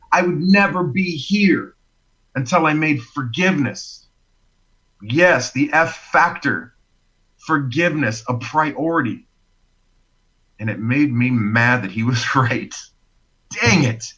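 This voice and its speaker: A man telling his personal story as a podcast guest, expressive and animated, acting out the quotes. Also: fairly high pitch, husky, highs cut off.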